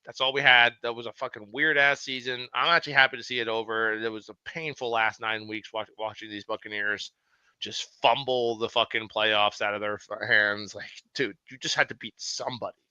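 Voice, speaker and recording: A man co-hosting a casual sports podcast, excitable and swearing freely, with quick asides. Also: on the low side, clear, resonant tone, no echo, muffled recording. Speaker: podcast co-host.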